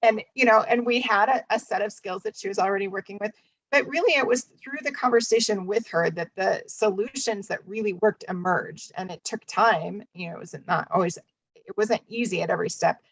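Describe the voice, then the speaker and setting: A woman's voice: medium pitch, brisk, dry recording, poor audio. A woman therapist talking candidly in a casual webinar discussion, chatty and full of fillers. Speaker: DBT therapist.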